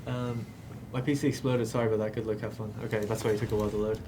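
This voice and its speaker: A man's voice: fairly low pitch, little pitch movement, very fast, background noise. An Irish man co-hosting a game livestream as a developer, joking and talking through the gameplay in casual banter. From Ireland. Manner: joking, easygoing, narrates gameplay.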